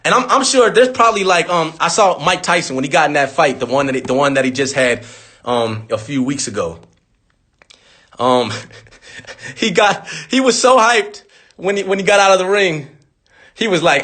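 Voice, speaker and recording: Man, 30s, bright edgy voice, profane animated storyteller on a phone livestream. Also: a little high, normal speed. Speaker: rapper on a live stream. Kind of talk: casual livestream talk. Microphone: phone on a live stream.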